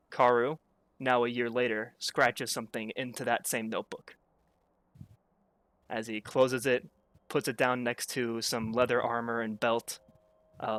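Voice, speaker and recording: A man's voice: medium pitch, fairly bright tone, dry recording. A man narrating a tabletop game as game master, in a loose, casual way full of hedges like "kinda". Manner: casual, full of fillers and restarts.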